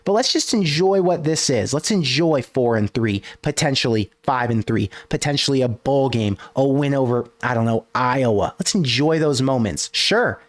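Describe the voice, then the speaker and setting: A man hosting a solo sports livestream from his desk, ranting in an animated, casual way with some swearing. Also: mid-range voice, moderate pace, hardly any pauses. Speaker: sports podcast host. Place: home desk.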